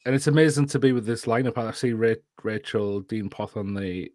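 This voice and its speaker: A chatty man with a Geordie accent, talking over a video call from home late at night. His voice sits a little low and sounds dry and close, and he often restarts his sentences in an easy, self-deprecating way. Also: brisk, a little mellow, no room sound. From northeast England. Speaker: guest speaker, educator. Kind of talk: casual chat and presentation.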